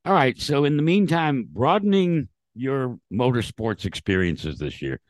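A man hosting a racing interview, asking questions in a polished, lively way. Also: medium pitch, unhurried, dry recording. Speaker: interview host. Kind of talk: broadcast interview.

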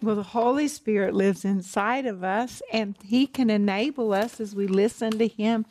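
A woman co-hosting a Christian broadcast, talking in an earnest, gentle way. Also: mid-range voice, normal speed, a little hiss or hum. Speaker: co-host. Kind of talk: televised ministry talk.

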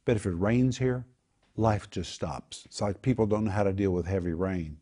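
A man's voice: lowish voice, normal speed, warm tone. A man teaching the Bible in a home group discussion, explaining Greek words and repeating key phrases for emphasis.

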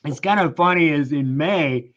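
A man's voice: a little high, normal speed, fairly bright tone, dull audio. A man in his sixties, a life coach, telling stories emphatically in a casual conversation. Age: 60s. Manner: emphatic, storytelling, acts out quoted voices.

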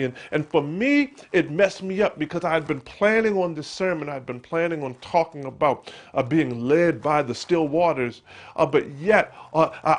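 A middle-aged male pastor preaching a sermon, full of stammered restarts, building to emphatic peaks and dropping to a hushed voice for scripture. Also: a little high. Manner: quotes scripture in a hushed, slow whisper.

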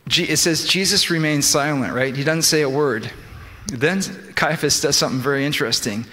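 A man's voice: fairly high pitch, moderate pace, bright, forceful tone. A man preaching a sermon, explaining scripture in restarting bursts and quoting the figures he talks about. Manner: explains scripture with many restarts and quoted speech. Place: church sanctuary. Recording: long church reverb.

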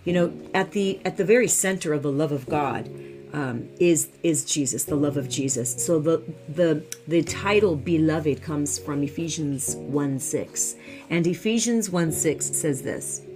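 Fervent low-voiced woman Bible teacher. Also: a little slow, darkish tone, faint music behind. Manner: fervent, repeats phrases for emphasis.

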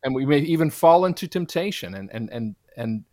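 A man's voice: mid-range voice, animated, fairly quick, a little mellow, no room sound, studio quality. A man giving a testimony in an interview, earnest and preacherly, often quoting scripture. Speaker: guest, Christian minister.

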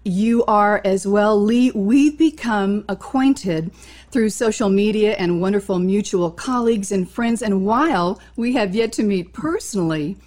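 A woman's voice: medium pitch, a little slow, a little mellow. A woman hosting an interview, welcoming her guest in flowery, formal phrasing. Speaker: interview host.

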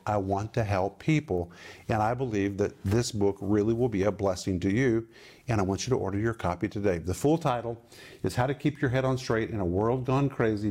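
A man's voice: on the low side, darkish tone. A man giving a televised Bible teaching, speaking emphatically and explaining Greek words.

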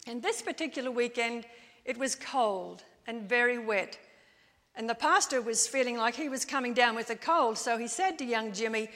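A woman preaching a sermon in a church, in a measured storytelling way. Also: fairly high pitch, fairly bright tone. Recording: long church-hall reverb.

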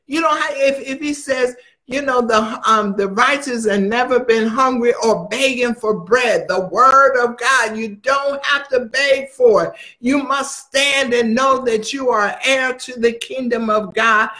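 Preacher: man with a very high voice, emphatic, drives points home by repeating them. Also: unhurried, sharp tone. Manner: emphatic, repeats phrases for stress. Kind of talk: sermon.

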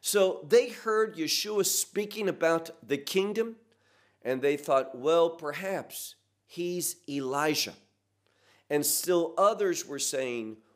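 A man teaching a sermon verse by verse, earnest and emphatic, asking the listeners rhetorical questions. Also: a little high. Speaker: pastor. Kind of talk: expository Bible teaching.

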